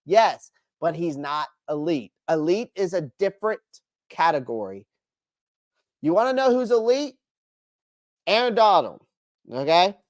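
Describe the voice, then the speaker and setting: A man's voice: sits high, sing-song, measured pace, long pauses, dry recording, clean studio sound. A man hosting a casual live stream, answering chat by name with strong opinions and frequent restarts.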